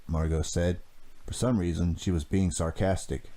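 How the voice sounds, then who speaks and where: A man reads a teen thriller aloud in a steady, measured way. His voice sits very low. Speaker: audiobook narrator. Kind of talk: scripted narration.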